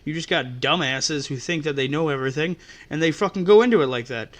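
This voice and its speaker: A man's voice: fairly high pitch, fairly quick. A man hosting a podcast, telling customer-service stories in an exasperated, profane rant. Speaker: podcast host. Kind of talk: ranting storytelling.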